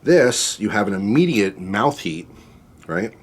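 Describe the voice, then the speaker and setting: A man's voice: lowish voice, very animated, unhurried, breathy edge. A man tasting spicy soup on camera, talking in a chatty, rambling way with lots of fillers while his mouth burns from the heat. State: mouth burning from spicy food. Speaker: food reviewer. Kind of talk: casual taste-test vlog.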